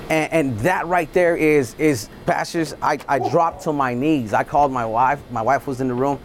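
A man's voice: mid-range voice, normal speed, few pauses, slight background noise. A man sharing a personal faith testimony in an earnest, heartfelt way, stammering and repeating words often. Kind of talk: emotional storytelling.

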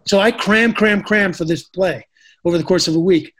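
High-voiced chatty American-stage actor. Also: male voice, moderate pace, a bit bright. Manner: chatty, many restarts and fillers. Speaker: actor, guest. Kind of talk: casual storytelling interview.

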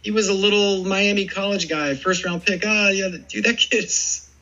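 A man in his forties, a former baseball player, telling rambling, animated stories in a casual interview. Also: high-pitched, normal speed, highs cut off. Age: 40s. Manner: rambling, animated storytelling full of "dude" and "man".

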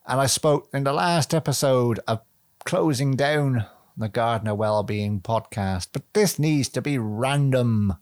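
A man's voice: mid-range voice, measured pace, a little mellow, dry recording, clean studio sound. A man hosting a solo podcast, rambling and chatty, swearing casually and making fun of himself. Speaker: podcast host.

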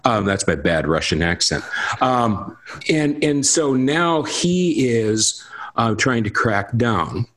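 A man's voice: medium pitch, very animated, slow pace, fairly bright tone. A man giving emphatic commentary on politics in a lecturing, insistent manner. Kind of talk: political discussion.

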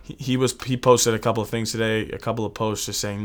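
A man's voice: on the low side, little pitch movement, fast. A man from the United States co-hosting a casual sports talk show, earnest and reflective, often repeating words. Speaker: sports podcast co-host.

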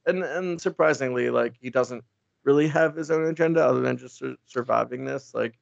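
A man's voice: mid-range voice, brisk, gravelly, dry recording. A man chatting casually about a comic book, rambling and laughing as he acts out the characters' lines. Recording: dull lo-fi sound, dry.

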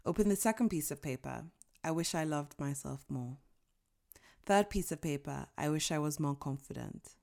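A woman's voice: sits low, animated, moderate pace, vocal fry, darkish tone. A woman in her twenties giving an inspirational talk, earnest and emphatic, emotional as she tells her story and acts out inner voices. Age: 20s. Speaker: motivational speaker. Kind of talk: inspirational speech.

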